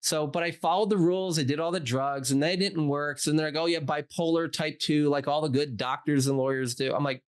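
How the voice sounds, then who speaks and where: A man in his forties, a doctor and interview guest, telling a personal story in a casual, animated way, acting out quoted dialogue with lots of "like" fillers. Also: fairly high pitch, fairly quick, few pauses, clear, resonant tone.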